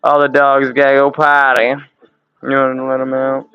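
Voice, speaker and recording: Here a man in his thirties runs a relaxed home livestream, swearing and laughing amid loose chatter, in a room cooled by a window air conditioner. His medium-pitched delivery is completely flat and moderately paced, and the audio is smooth and echo-free but dull.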